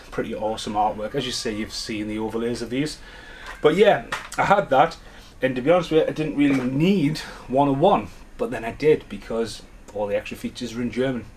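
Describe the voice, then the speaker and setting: A man's voice: medium pitch, a little mellow, a little hiss or hum. Man chatting through an unboxing. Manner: chatty, rambling, enthusiastic. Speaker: home media collector vlogger. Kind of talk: casual unboxing chat. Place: at home.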